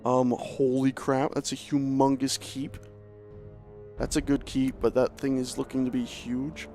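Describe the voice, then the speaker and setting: Gravelly man chatting through a game stream. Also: mid-range voice, flat delivery, unhurried, mellow, faint music behind. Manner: chatty, self-mocking, talks to himself while playing. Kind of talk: casual gameplay commentary.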